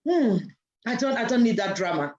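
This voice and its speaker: A woman's voice: on the high side, very animated, moderate pace, highs cut off, a loud crowd. A woman on a casual discussion panel, talking hesitantly, repeating herself and laughing nervously.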